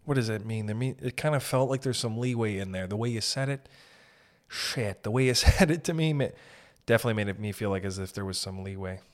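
A man's voice: fairly low pitch, brisk. A man in his thirties with a Canadian accent and a stuffy nose, riffing in a rambling, profane, jokey podcast monologue. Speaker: podcast host. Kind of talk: casual comedic monologue.

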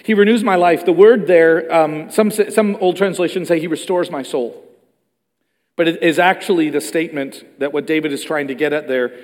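Preaching at a normal speed, a male pastor's voice, a touch higher than typical for a man, rings out with long reverb in a large church hall. His sermon is animated, moving back and forth between forceful, loud moments and soft, hushed stretches.

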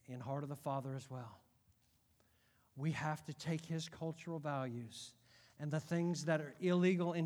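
A middle-aged male pastor delivers a sermon with a slightly high voice. He is animated, dropping to a near hush before rising to shouts. His voice rings with the long reverb of a large hall. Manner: animated preaching, swinging from hushed to shouting.

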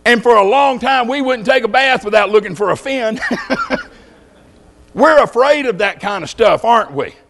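Folksy older preacher, lively high voice. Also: male voice, normal speed. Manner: folksy storytelling with jokes. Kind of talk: sermon.

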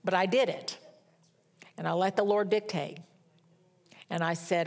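Middle-aged woman preacher, slightly low-pitched, candid and self-mocking storyteller. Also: fairly even intonation, measured pace, pauses often. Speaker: pastor. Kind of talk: sermon.

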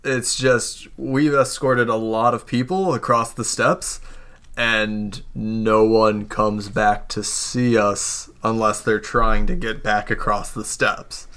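A man's voice: lowish voice, little pitch movement, slow, a bit bright, smooth. A man voicing a blunt, cynical male soldier who leads escorts, teasing and plain-spoken in a tabletop game.

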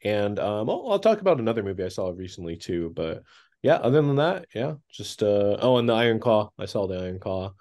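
A man's voice: lowish voice, very animated, a little fast, darkish tone. A young man co-hosting a podcast, chatting casually with lots of fillers and laughs. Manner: rambling, laughs often, many fillers. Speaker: podcast co-host. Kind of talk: casual chat.

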